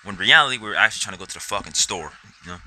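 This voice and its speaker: A man's voice: lowish voice, lively intonation, very fast, sharp tone, a little hiss or hum, rough recording. A young man telling a rambling personal story to camera, swearing constantly and acting out his own reactions. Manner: rambling, heavy swearing, acts out quotes. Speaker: vlogger.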